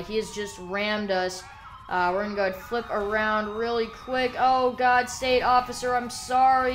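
A woman's voice: medium pitch, a little hiss or hum. Woman narrating police role-play gameplay. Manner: relaxed chatty narration that breaks into barked police commands. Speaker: gameplay host role-playing a police officer.

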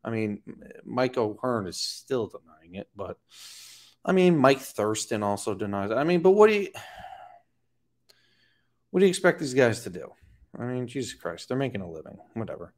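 Blunt, lively-voiced man ranting casually. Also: medium pitch, normal speed, pauses often. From Florida. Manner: blunt, profane, with sarcastic mocking asides. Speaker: fitness coach. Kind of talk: casual talking-head commentary. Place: home.

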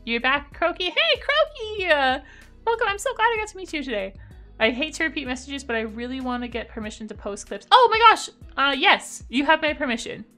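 A woman's voice: sits high, big pitch swings, fairly quick, bright, forceful tone, faint music behind. A woman live-streaming a game, chatting casually and thanking viewers by name in an upbeat way.

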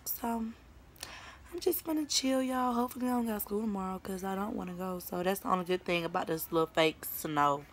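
A woman's voice: medium pitch, vocal fry, slight background noise. A teenage girl from Atlanta with a Southern accent, chatting casually to her phone camera at home as a vlogger, full of slang and "y'all". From Atlanta, Georgia. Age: teens. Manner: chatty, informal slang, says "y'all" a lot. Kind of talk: casual vlog chat. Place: at home indoors. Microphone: phone camera held close.

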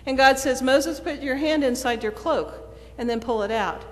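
A woman's voice: sits high, moderate pace. A woman preacher delivering a sermon in a storytelling manner, acting out the quoted dialogue. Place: church sanctuary. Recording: long church reverb.

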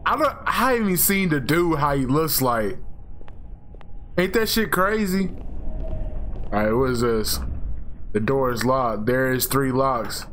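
A young man with a hoarse, worn-out voice playing a horror game, loud and excitable, swearing and screaming at jump scares. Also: mid-range voice, measured pace, pauses often, a little hiss or hum. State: hoarse, losing his voice. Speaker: gaming YouTuber. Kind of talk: horror game let's play commentary.

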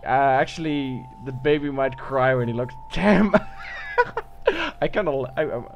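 A man's voice: on the high side, wildly swooping pitch, a little slow, creaky, highs cut off, slight background noise. A man giving casual, joking gameplay commentary, irreverent and profane. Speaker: let's play gamer.

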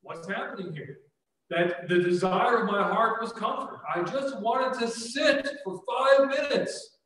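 A man's voice: extremely high pitch, measured pace, a bit bright. A man in his forties preaching a sermon, earnest and conversational, full of rhetorical questions. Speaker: pastor. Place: church sanctuary. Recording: echoey church hall, mic heard from a distance.

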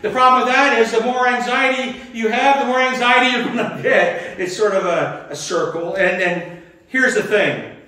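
An older male pastor with a fairly high voice gives a folksy, rambling sermon full of chuckles and restarts. He sounds a bit far from the microphone, and his words ring through a very echoey church hall. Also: normal speed, pushed and bright.

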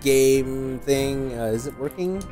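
A man's voice: mid-range voice, unhurried, music in the background. A man hosting a casual gameplay video, talking hesitantly with lots of fillers and reading on-screen text aloud. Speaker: host.

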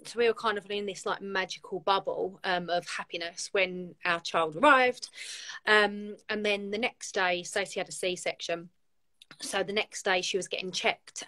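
A woman's voice: fairly low pitch, pushed and bright. A woman, a guest on a live video chat, telling her own story in a candid, heartfelt way. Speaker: guest, community founder.

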